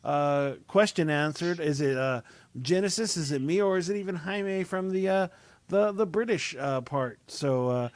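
A man's voice: on the high side, animated, normal speed, no room sound. A man hosting a casual web show over a remote call, talking with many fillers and restarts. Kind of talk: casual chat.

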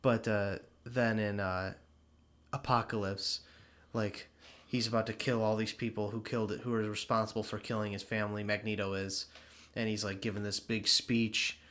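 A man's voice: fairly low pitch, flat delivery, normal speed, fairly bright tone. A man co-hosting a podcast in loose casual chat, rambling and swearing, laughing often. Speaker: podcast co-host.

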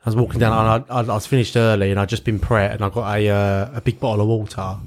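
A young man trades stories on a podcast in a blunt, easygoing way, swearing freely. His voice sits at an ordinary middle pitch, and he talks casually with his co-host. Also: little pitch movement. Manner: blunt, swearing, quick to laugh. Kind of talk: casual chat.

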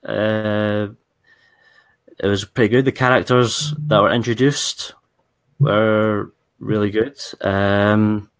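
Scottish male call-in guest, low voice, easygoing and tired, heard over a video call. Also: slow, long pauses, smooth. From Scotland. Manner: relaxed and easygoing, a little tired.

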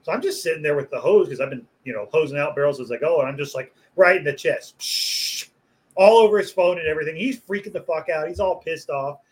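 A man's voice: a little high, quick pace. A man who works as a butcher, telling a rowdy story in casual chat. He swears freely, laughs as he goes and raises his voice to act out what others said. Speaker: butcher and podcast guest.

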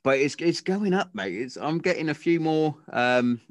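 This thirty-something podcast host sounds fairly high-pitched and animated, talking at normal speed with no echo. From his home garden shed, he trades blunt, cuss-laden, humorous stories in easygoing conversation.

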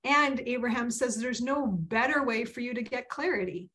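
A woman's voice: fairly high pitch, normal speed, a bit bright. A woman co-hosting a casual spiritual chat, talking in an upbeat, chatty way with lots of filler words.

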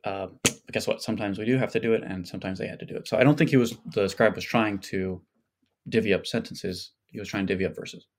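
A man's voice: fairly low pitch, fairly even intonation, quick pace, slight background noise. A man as a podcast guest, explaining things in a casual scholarly way with many fillers and hedges.

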